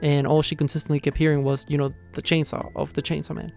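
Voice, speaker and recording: Fast-talking man recapping manga casually. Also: a little high, little pitch movement, vocal fry, darkish tone, soft background music. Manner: rambling, leans heavily on "you know". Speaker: manga reviewer.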